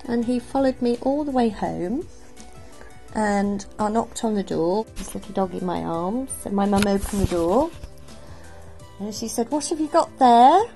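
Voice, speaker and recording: A woman from England answering interview questions about dogs, an animated storyteller who acts out the voices in her story. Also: medium pitch, gravelly. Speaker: dog trainer interviewed as guest. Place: outdoors by a river.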